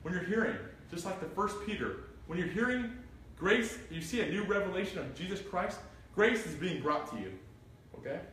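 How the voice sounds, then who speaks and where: This pastor has a high-pitched voice and speaks at a normal speed, animatedly reading scripture and quizzing his group during an interactive Bible study. Captured from far away in an echoey church room, the audio carries faint noise.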